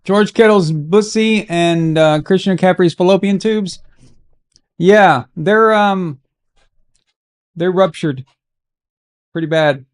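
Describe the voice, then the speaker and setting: A man with a fairly high voice hosts a live watch-along stream. He rambles through casual, joking banter that breaks into sudden loud outbursts. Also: slow, long pauses, clear, resonant tone.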